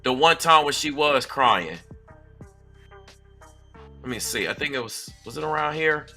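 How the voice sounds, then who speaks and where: Over soft background music, a man hosts a live-stream commentary, addressing viewers directly and reading their chat. He's animated and a little slow, with a medium-pitched, pushed, bright voice, and his conversational delivery turns emphatic, repetitive, and preachy.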